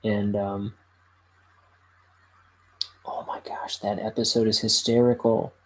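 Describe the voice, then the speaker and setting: A young man hosting a solo podcast, chatting casually in a halting, rambling way full of fillers. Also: fairly low pitch, little pitch movement, fairly bright tone, a little hiss or hum, poor audio. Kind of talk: casual chat.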